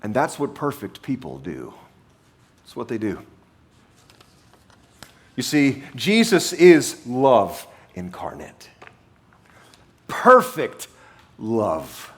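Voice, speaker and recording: A male pastor delivering a sermon at an unhurried pace, his pitch rising and falling with lively swings. He leans on repetition, restating key lines for emphasis, and reads scripture in a measured way. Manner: emphatic, repeats key phrases for weight.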